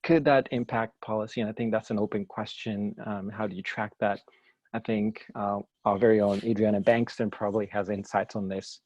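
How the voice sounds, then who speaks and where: A man's voice: on the low side, fairly even intonation, fairly quick, a little mellow, dry recording, highs cut off. A man presenting at a journal club in a casual academic discussion, thinking aloud with many fillers and restarts. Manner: thoughtful, many fillers and restarts, light laughs.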